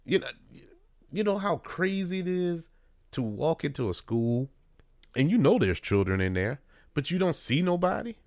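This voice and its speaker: A man's voice: a little high, very animated, moderate pace, a little mellow, no echo. Earnest New man, dry studio. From New Orleans. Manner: conversational, many fillers, earnest. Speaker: radio host. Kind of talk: casual spoken commentary.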